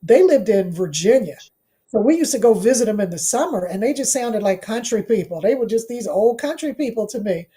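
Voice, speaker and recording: A middle-aged woman, a professor, shares her life story as an interview guest. Her voice sits a little high but has a mellow, relaxed warmth. She talks earnestly and repeats key phrases to drive a point home. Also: fairly quick. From Washington, D.C. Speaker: guest, law professor and author.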